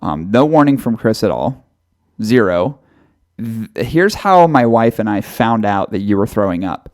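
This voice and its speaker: A man's voice: fairly low pitch, big pitch swings, unhurried. Teasing male podcast co-host. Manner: teasing, mock-stern, acts out sounds. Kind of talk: casual storytelling chat.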